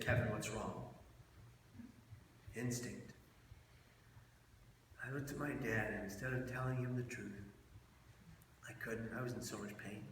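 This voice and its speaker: A man giving a personal talk to an audience and acting out the people in his story with sudden jumps in voice. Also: slight background noise. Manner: animated storyteller, acts out quotes with big jumps in loudness and pitch. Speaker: keynote speaker. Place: large event hall with an audience. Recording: far from the mic in a very echoey hall.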